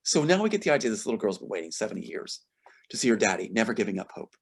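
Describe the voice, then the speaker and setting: His lowish, husky voice races along with big pitch swings as he passionately describes his screenplay in an interview. At times he reads scenes from the script and becomes emotional, and indignation sends his voice sharply upward.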